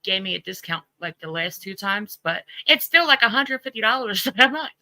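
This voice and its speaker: A woman's voice: mid-range voice, animated, moderate pace, sharp tone, dry recording, low-quality recording. A woman hosting a casual livestream, greeting viewers by name and laughing through her stories. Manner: chatty, laughs at own stories. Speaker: livestream host.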